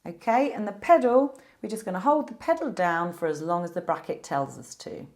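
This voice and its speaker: Woman piano teacher, a bit low-voiced, calm and clear, explains symbols one by one. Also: a little fast. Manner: patient, explains clearly with examples. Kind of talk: step-by-step music lesson.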